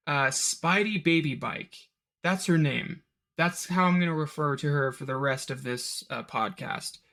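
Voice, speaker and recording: A man's voice: fairly high pitch, a bit bright. A young man hosting a solo film review podcast, ranting in an exasperated, rambling way with many restarts and fillers.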